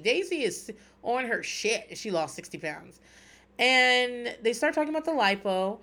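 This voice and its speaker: A woman's voice: fairly high pitch, big pitch swings, moderate pace, fairly bright tone. Profane, candid woman in casual chat. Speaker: podcast host recapping a TV show.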